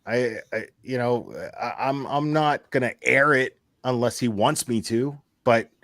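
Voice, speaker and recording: A man in the middle of a casual talk, heated and profane, circling back over the same phrases as he vents. His voice sits at an ordinary pitch and sounds close and dry, with no room around it. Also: unhurried, fairly bright tone, dry recording. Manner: heated, profane, repeats himself. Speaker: YouTube channel host. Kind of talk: casual venting chat.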